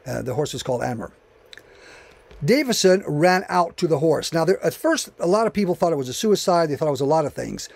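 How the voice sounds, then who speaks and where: A man's voice: a little high, lively intonation, a little fast, vocal fry, no room sound. A man giving a history lecture, reading passages aloud and breaking off for conversational asides. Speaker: channel host.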